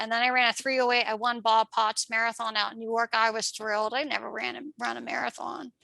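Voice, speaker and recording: A middle-aged woman from Pennsylvania, a runner telling her life story as a podcast guest, chatty and quick to act out past conversations with a laugh. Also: a little high, flat delivery, vocal fry, bright, forceful tone, no room sound, rough recording. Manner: chatty, acts out past dialogue, laughs often. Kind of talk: personal storytelling.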